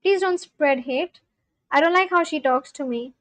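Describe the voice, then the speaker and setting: A young woman livestreamer chats casually with her viewers, talking back to chat in loose, filler-heavy speech as she alternately scolds and reassures them. Her high voice is a bit bright and moves at a moderate pace. There's no echo.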